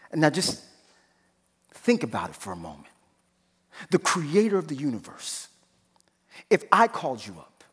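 A man preaching a sermon as pastor, moving between hushed, slow pleading and loud, rising exhortation. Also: medium pitch, slightly rough. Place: church sanctuary. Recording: long church reverb.

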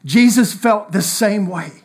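A man preaching a sermon, reading scripture aloud in an earnest manner, with emphatic rises and soft drops. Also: sits high, unhurried. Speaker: pastor.

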